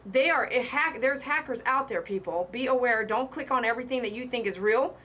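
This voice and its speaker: A woman's voice: on the high side, brisk, sharp tone. A woman who works as a pet groomer, hosting a live stream in a casual, emphatic way and repeating her warnings with chatty asides.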